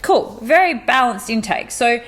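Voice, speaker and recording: A woman's voice: fairly high pitch, animated, unhurried, fairly bright tone. A woman co-hosting a casual podcast chat as a coach, explaining at length with long lists of examples.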